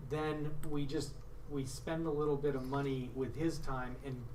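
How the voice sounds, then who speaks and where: A man's voice: mid-range voice, steady tone, normal speed, a little mellow. A man at a town board meeting, cautiously explaining practical concerns. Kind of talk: municipal board meeting discussion. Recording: distant mic, faint room hum.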